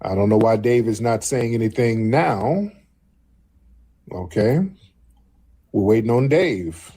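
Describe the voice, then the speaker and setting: Husky host running a call-in. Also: male voice, mid-range voice, dark tone. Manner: mocking, repeats prompts. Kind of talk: live call-in stream.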